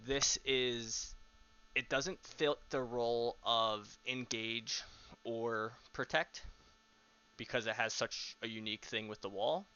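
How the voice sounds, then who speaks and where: A man's voice: mid-range voice, fairly even intonation, slow, pushed and bright, smooth, muffled recording. A young man casually coaching teammates over a voice call, explaining step by step with lots of um fillers.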